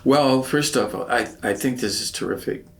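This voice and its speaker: A man's voice: mid-range voice, normal speed. An older man, a veteran, speaking earnestly and reflectively in an oral history interview.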